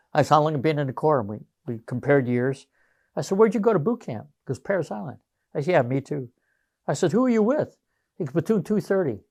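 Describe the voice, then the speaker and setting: A retired Marine in his sixties, telling his war stories in a loose, rambling way and stopping often to search for names. His voice is mid-pitched and sits dry and close to the mic. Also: darkish tone, dry recording. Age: 60s. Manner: rambling, anecdotal, many fillers and restarts. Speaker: retired Marine gunnery sergeant, interviewee. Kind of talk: casual storytelling interview.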